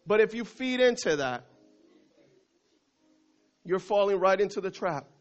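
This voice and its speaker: A male pastor preaches with a high voice, driving points home through repetition and calls to the congregation. The recording is dull and lo-fi. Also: animated, unhurried, faint music behind. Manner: emphatic, repetitive preaching with call-and-response. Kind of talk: sermon.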